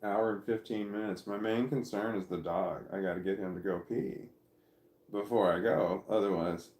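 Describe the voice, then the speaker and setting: A middle-aged man streaming casually from home, his voice sitting low. He reads viewer comments aloud and drifts between thoughts, often stopping and restarting mid-sentence. The room around him rings with a noticeable echo. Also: steady tone, moderate pace, darkish tone. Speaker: livestreamer reading chat. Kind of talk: casual livestream chat.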